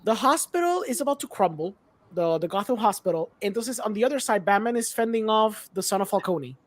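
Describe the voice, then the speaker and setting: A woman's voice: medium pitch, fairly quick, dry recording. Puerto rican woman, podcast co-host, casual movie recap, acts out lines, dry room. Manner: relaxed recap, slips into Spanish, acts out lines.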